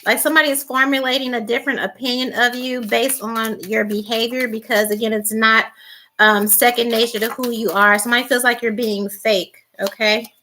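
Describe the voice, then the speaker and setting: A woman's voice: a little high, steady tone, a little fast, sharp tone, slight background noise. A woman doing a casual tarot reading, rambling with many fillers and restarts, blunt and teasing. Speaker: tarot reader.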